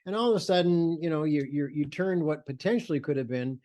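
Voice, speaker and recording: A man's voice: on the high side, animated, brisk, a little mellow. Enthusiastic older man telling photo stories. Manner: enthusiastic, acts out quoted voices, many fillers and restarts. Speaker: photographer, interview guest. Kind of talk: animated storytelling in conversation.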